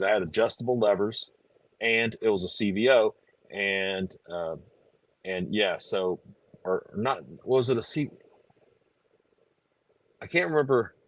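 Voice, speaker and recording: A man chatting casually on a live stream, telling a story in halting, rambling bits with many restarts. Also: on the low side, fairly bright tone, no room sound. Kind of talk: casual chat.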